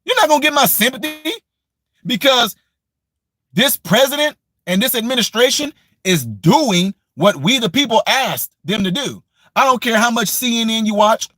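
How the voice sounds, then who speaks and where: A man's voice: very high voice, expressive, normal speed, bright, forceful tone, no room sound. A man delivering a combative, mocking political rant as a commentary vlogger from the United States, repeating his points with scorn. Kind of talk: ranting opinion monologue.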